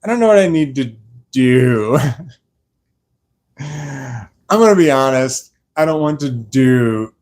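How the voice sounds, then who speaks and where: A young man rambling slowly on a live stream from his sofa, tired and a little slurred, laughing often. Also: medium pitch, animated, darkish tone. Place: dark room on a sofa at home. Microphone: clip-on microphone.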